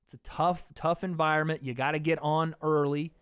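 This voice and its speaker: A man's voice: a little high, steady tone, moderate pace, fairly bright tone, smooth, dry recording, clean studio sound. A young man hosting a casual livestream, reading out donations and chatting loosely, laughing often and swearing casually.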